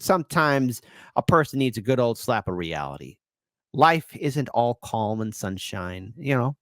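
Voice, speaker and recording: A man hosting opinion commentary, animated and indignant, rambling with restarts. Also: mid-range voice, unhurried, dry recording. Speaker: commentary host.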